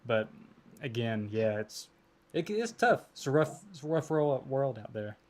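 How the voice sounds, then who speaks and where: Animated man in casual podcast chat. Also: mid-range voice, unhurried. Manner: lively, emphatic, quoting others. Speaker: percussion instructor.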